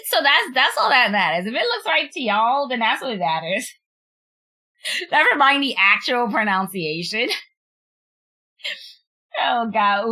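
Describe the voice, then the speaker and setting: Her voice sits on the high side and sounds pushed and bright as she streams a casual unboxing chat. Giggly and self-mocking, she drags out French words while laughing at her own attempts.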